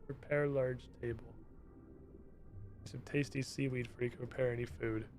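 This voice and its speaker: A man's voice: mid-range voice, steady tone, moderate pace, a little mellow, a little hiss or hum. A man streaming a game who comments bluntly and wryly and swears often. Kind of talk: casual gaming commentary.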